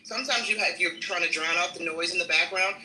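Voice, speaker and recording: A speaker with a high, very bright voice reacts to the live chat. The tone is indignant and explains things point by point. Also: male voice, quick pace, slight background noise, rough recording. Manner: indignant, reads and answers chat comments. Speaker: panel speaker. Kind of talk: live panel discussion.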